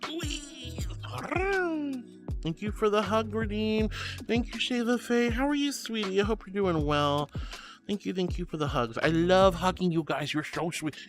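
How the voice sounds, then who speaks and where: A man's voice: high voice, normal speed, music in the background. A man streaming as a VTuber, reading chat aloud and greeting viewers in an affectionate, bubbly way, calling them sweetie and honey.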